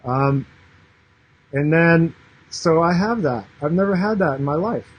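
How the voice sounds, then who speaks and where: Husky-voiced man talking to camera. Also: on the high side, expressive, measured pace, dull audio. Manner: rambling, restarts, many fillers, earnest. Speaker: yoga and meditation teacher. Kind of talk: casual talk to camera.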